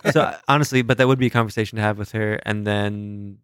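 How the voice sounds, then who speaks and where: A man who is a podcast guest, chatting casually and dropping wry, deadpan jokes. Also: lowish voice, fast talker, clean tone, no room sound, clean studio sound. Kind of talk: casual chat.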